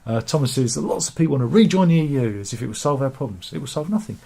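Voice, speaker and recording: A man's voice: mid-range voice, expressive, rapid-fire, gravelly, warm tone, breathy edge. Rambling man in casual chat. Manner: rambling, jokey, self-mocking asides. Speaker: host of a satirical news chat show. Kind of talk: casual chat, reading out viewer comments.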